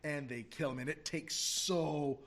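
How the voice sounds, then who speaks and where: A man's voice: fairly high pitch, unhurried, fairly bright tone. A man cohosting a comedy movie podcast, joining in the improvised role-play with mock-dramatic lines and frequent laughter.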